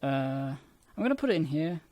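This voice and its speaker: A man casually rambling about his own old videos, self-deprecating and swearing often, with a somewhat squeaky voice. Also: big pitch swings, moderate pace, mellow, no room sound.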